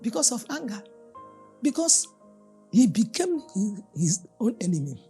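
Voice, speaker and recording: Very husky, lively woman preacher. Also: medium pitch, measured pace, soft background music. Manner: animated storyteller, acting out the people in her stories. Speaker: pastor. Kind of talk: storytelling sermon.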